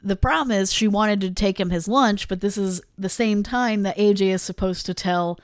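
Co-hosting a podcast, a woman retells a movie casually and voices the characters' lines with lively storytelling. Her medium-pitched voice is clear and resonant at a moderate pace, and the studio audio is clean with no room sound.

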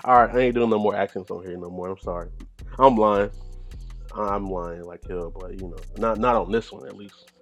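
A man's voice: fairly low pitch, moderate pace, lo-fi sound, faint music behind. A man hosting a solo podcast, rambling in loose, profane casual chat and laughing often. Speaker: podcast host.

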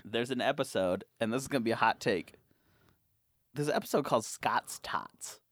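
A man's voice: mid-range voice, animated, moderate pace, no room sound, clean studio sound. A young man hosting a casual podcast, swearing and laughing as he rambles through stories. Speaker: podcast host.

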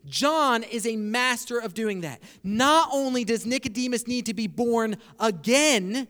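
High-voiced preacher in a reverberant hall. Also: male voice. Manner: expository preaching, slows down for emphasis. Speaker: pastor. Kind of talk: sermon.

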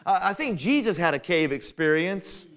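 A man's voice: high-pitched, sing-song, normal speed, fairly bright tone. A man preaching a sermon to fellow pastors in a folksy, conversational way that climbs to emphatic peaks.

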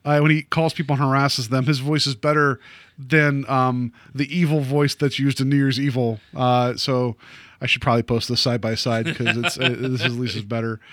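A man casually recapping a movie plot on a podcast, rambling with lots of fillers and quick laughs. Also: mid-range voice, flat delivery, a bit bright, no echo, studio quality. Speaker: podcast co-host.

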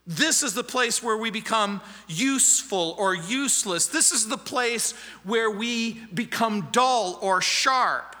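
A man's voice: high voice, slow, hardly any pauses, sharp tone, long reverb tail. A man preaching a sermon as pastor, emphatic and fond of repeating key phrases. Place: church.

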